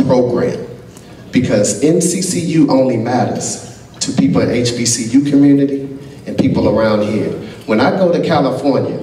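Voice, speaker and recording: A man stands at a gala keynote, spinning animated stories and acting out every exchange in a mid-pitched voice. His speech reaches the mic from a distance. It rings around a large, echoey banquet hall. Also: a little hiss or hum. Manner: animated storyteller who acts out quoted dialogue. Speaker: college basketball head coach giving a keynote.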